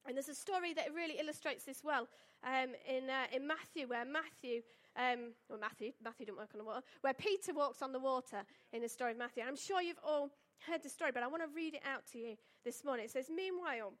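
A woman's voice: sits high, quick pace, hardly any pauses, fairly bright tone. A woman giving a chatty, informal sermon to a church congregation and reading a Bible passage aloud. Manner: chatty, conversational, with fillers and asides. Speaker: church speaker.

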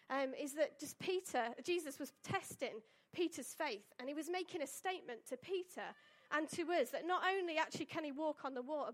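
High-voiced woman preaching. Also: fairly bright tone. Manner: chatty, conversational, with fillers and asides. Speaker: church speaker. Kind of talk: informal sermon with a Bible reading.

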